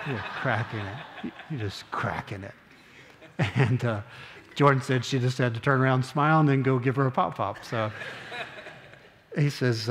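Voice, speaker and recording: Older pastor preaching in a reverberant sanctuary. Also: male voice, mid-range voice. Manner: earnest, slows down on key phrases, conversational asides. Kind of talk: sermon. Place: church sanctuary.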